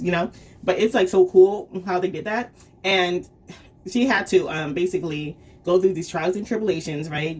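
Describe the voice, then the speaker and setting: A chatty woman talks through a comic review in a husky, slightly low voice. She rambles with plenty of fillers and little check-ins, laughing often as she acts out the characters' lines. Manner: chatty storytelling full of "um", "like" and "right?". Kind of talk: casual review vlog.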